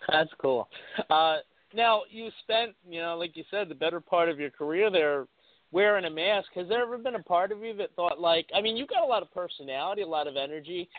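A man's voice: high voice, lively intonation, brisk, no echo. A man interviewing a guest, asking questions with enthusiastic, hesitant phrasing. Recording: tinny phone-like line.

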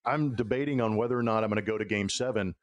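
A man's voice: on the low side, quick pace, highs cut off. A man hosting a sports podcast, telling stories in a chatty, casual way with frequent filler words. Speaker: podcast host. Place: Houston.

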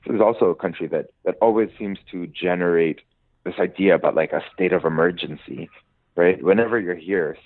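A man's voice: sits low, no room sound. A man answering interview questions thoughtfully, with many hesitations and ums. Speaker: interview guest, musician. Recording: dry, phone-like narrow sound.

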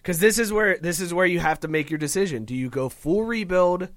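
Man, sports podcast co-host, slightly high voice, dry sound, earnest casual talk. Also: brisk, fairly bright tone, dry recording. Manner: earnest, opinionated fan talk.

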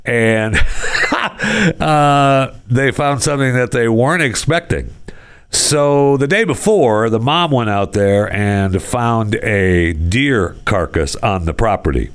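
A man's voice: lowish voice, slow pace, clear, resonant tone. A man hosting a casual talk show, rambling through odd news stories with sarcastic asides and frequent chuckles. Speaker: podcast host.

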